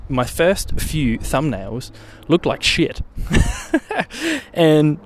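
A man's voice: a little high, drawn-out words, a little hiss or hum. Rambling casual male podcaster. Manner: rambling, relaxed, swears casually. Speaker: podcast host. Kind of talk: casual solo podcast chat.

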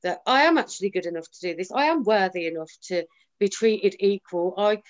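Brisk and expressive at a medium pitch, a woman opens up as a guest in a casual chat, stressing her points and repeatedly quoting what she and others said. The sound quality is lo-fi and a bit dull.

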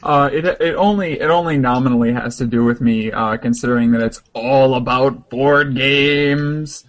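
A man's voice: medium pitch, moderate pace. A man guest-hosting a casual podcast, groggy and short on sleep after drinking, making dry, wry jokes. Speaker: guest host.

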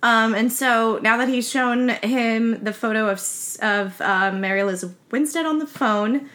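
A woman's voice: fairly high pitch, normal speed, fairly bright tone. Woman, casual podcast chat, rambling film recap, filler-heavy. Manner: chatty retelling with many fillers.

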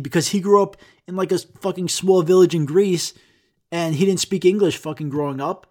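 A man's voice: sits high, normal speed, mellow. A man hosting a podcast, ranting in a rambling, profane and self-mocking way. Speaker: podcast host. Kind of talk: casual podcast rant.

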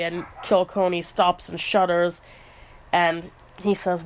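A woman's voice: lowish voice, flat delivery, a little slow. A woman casually retelling a novel's plot as a podcast host, chatty, with trivia asides and fillers. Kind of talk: casual storytelling recap.

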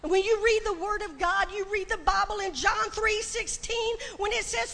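Impassioned woman preacher, high voice. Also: steady tone, normal speed, gravelly. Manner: impassioned, building to shouting and tearful crying. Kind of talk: sermon. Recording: long hall reverb, faint ambience.

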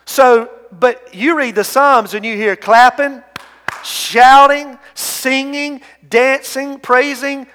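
High-voiced male pastor in a reverberant church. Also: steady tone, slow pace, slight background noise. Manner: earnest, swings between hushed and loud, repeats words. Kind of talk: sermon. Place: church sanctuary. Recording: long reverb of a large hall.

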